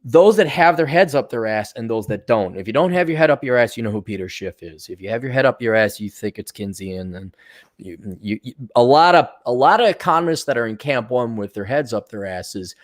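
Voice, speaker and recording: A man's voice: mid-range voice, expressive, a little fast. A man giving crude, sarcastic, rambling commentary as a vlog host. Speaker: vlogger and consultant.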